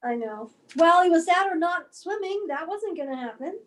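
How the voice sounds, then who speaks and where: A woman's voice: very high voice, expressive, normal speed, fairly bright tone. A middle-aged woman, a mother, chatting casually with her family and recalling her sons' childhood. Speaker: mother of grown sons.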